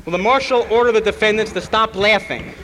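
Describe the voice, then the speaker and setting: A man who is on trial tells a university audience a mocking, animated story, full of fillers and impersonations. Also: sits high, brisk, long reverb tail, background noise. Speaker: trial defendant addressing students. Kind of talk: animated public speech.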